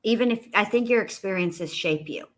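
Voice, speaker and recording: A woman who runs a YouTube channel talks in a casual, reflective, rambling way, frequently restarting her sentences. Her voice is medium in pitch and her pace moderate.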